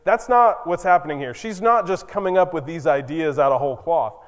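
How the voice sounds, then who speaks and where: In a church sanctuary, a male pastor with a fairly high voice preaches fairly quickly, telling stories conversationally and hitting emphatic moments. The recording carries a long church reverb.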